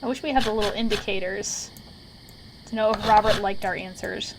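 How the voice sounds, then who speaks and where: A woman's voice: medium pitch, fairly quick, background noise. Chatty woman playing a game. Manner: giggly, self-mocking, chatty. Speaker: gaming channel host. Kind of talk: let's play commentary.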